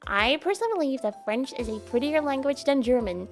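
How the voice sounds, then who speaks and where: A woman's voice: sits high, expressive, a little fast, soft background music. A young Dutch woman with a Dutch accent, a native Dutch speaker, chatting playfully with her live stream viewers and giggling often. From Netherlands. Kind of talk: casual chat with live viewers.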